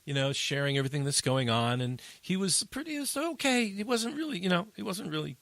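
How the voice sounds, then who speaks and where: Man, podcast host, animated storyteller, bright tense voice, dry close sound. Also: quick pace, no room sound. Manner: animated storyteller, rises high when telling funny parts. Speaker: addiction interventionist, podcast host. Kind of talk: casual storytelling chat.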